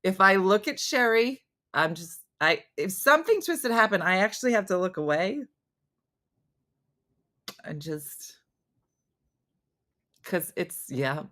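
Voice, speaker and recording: A woman's voice: medium pitch, takes it slowly, long pauses. A middle-aged woman hosting a casual live-stream chat, reading comments and telling stories with lots of laughter and the odd mock whisper. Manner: chatty and animated, laughs often, drops to mock whispers. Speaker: host reading viewer comments.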